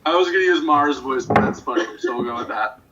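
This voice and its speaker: A man's voice: mid-range voice, animated, quick pace, distant mic, dull audio, very noisy. A man playing a tabletop game over a call, describing his actions with some hesitation. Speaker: player. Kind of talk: casual tabletop game play.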